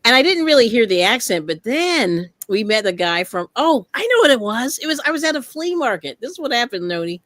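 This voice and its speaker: Woman hosting a craft chat, kinda high voice, dry sound, laughs a lot. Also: brisk, hardly any pauses, no echo. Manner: animated storyteller, laughs often, greets viewers. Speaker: host. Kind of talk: casual chat.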